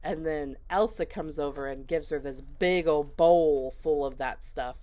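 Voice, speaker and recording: A woman's voice: sits low, a little slow, dark tone. A woman casually recapping a movie she watched, chatty and rambling, with lots of fillers. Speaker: movie reviewer.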